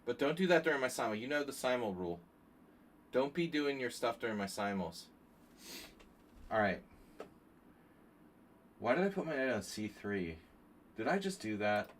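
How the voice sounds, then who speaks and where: A man streaming chess, chatting casually and thinking out loud with joking asides to his viewers. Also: medium pitch, very animated, moderate pace, long pauses, slight background noise. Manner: chatty, thinking aloud, jokey asides to chat. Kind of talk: casual live-stream commentary.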